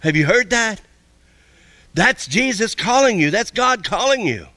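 A man preaching a sermon as pastor, folksy and repetitive, with quick asides to the congregation. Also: high-pitched, expressive, bright, forceful tone, no echo.

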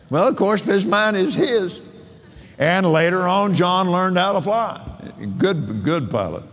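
An older man preaching a sermon, telling stories in a slow, rambling way and counting out figures. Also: high voice, expressive. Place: large convention hall. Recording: long reverb of a large hall.

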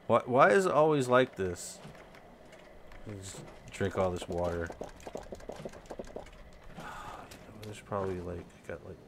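A young man talks through his gameplay in a slow, unhurried way. His voice swings widely in pitch, dropping to low mutters under his breath before jumping up into loud, exasperated outbursts. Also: animated, vocal fry, a little hiss or hum. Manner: mutters low, then bursts into loud, high, exasperated rants. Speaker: game video host. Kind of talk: casual gameplay commentary.

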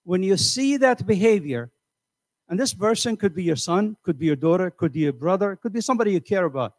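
Older man, motivational seminar speaker, animated, a bit high-pitched, dry close sound. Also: brisk, no room sound. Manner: animated, acts out quoted voices; conversational, asks the audience questions. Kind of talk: motivational lecture. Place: community center hall.

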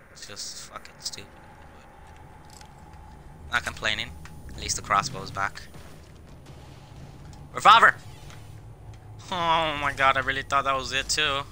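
A young man giving casual, excitable gameplay commentary on his own video, swearing often and jumping between loud outbursts and quiet mumbles. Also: mid-range voice, a little hiss or hum. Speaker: gaming video creator. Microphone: camera on face while playing.

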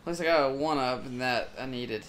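A man's voice: mid-range voice, fairly quick, fairly bright tone, slight background noise. A young man co-hosting a let's play, chatting casually with short, profane, dry remarks. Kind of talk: casual gaming chat.

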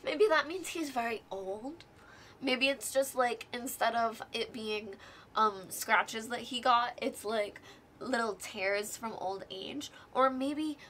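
A woman hosts a casual show-and-tell vlog, gushing with excitement and peppering her talk with fillers. Her voice is bright and forceful, sitting slightly higher than most women's. She sounds openly thrilled by what she is showing. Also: a little hiss or hum. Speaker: guest host showing board game miniatures.

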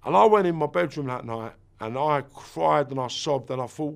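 Guy around fifty, rough gravelly voice, talks blunt and swears a lot. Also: a little high, animated, moderate pace, few pauses. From England. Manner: blunt, swears, acts out what people said. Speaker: interviewee. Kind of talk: personal storytelling.

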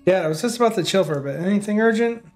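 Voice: mid-range voice, animated, rapid-fire, a little mellow, soft background music. A gaming YouTuber reading every character's lines aloud in a nearly plain voice. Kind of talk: reading game dialogue aloud.

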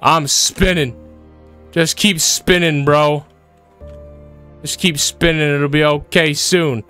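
A man's voice: on the high side, fairly even intonation, slow, bright, forceful tone, clear, resonant tone, soft background music. Jittery man narrating a horror game. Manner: jittery, repeats words and yelps in fright. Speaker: gaming video creator. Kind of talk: horror game let's-play commentary.

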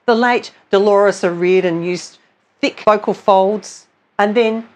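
Slow, patient woman vocal coach. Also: mid-range voice. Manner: patient, explanatory, demonstrates sounds between explanations. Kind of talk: singing lesson tutorial.

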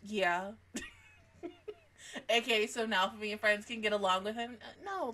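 A woman giving a casual anime reaction review, excitable and swearing, swinging between laughter and mock crying. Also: mid-range voice, unhurried, pauses often.

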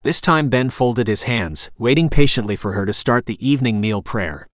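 A man reading a romantic suspense novel aloud as an audiobook narrator, in a steady, even storytelling manner. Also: medium pitch, moderate pace, no echo, studio quality. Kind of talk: scripted narration.

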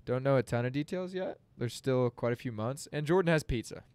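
Young male podcast guest, playful joking tone, mid-pitched. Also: animated, brisk, darkish tone, smooth, no room sound. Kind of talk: casual chat.

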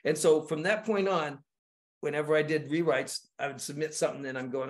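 A man, a guest screenwriter, telling stories in casual podcast talk, animated and full of repeated words and acted-out quotes. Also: on the high side, a little fast.

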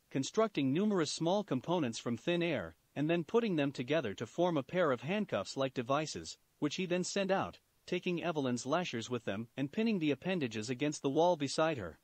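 A man narrating a fan fiction story in an animated storytelling manner. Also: on the high side, dry recording. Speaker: story reader.

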